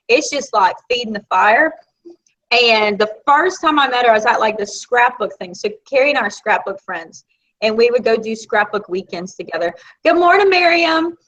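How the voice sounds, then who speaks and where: With a fairly high-pitched voice and a Southern accent, a Florida woman co-hosts a casual live video chat. She spins stories in an animated, talkative style, and the lo-fi sound is dull.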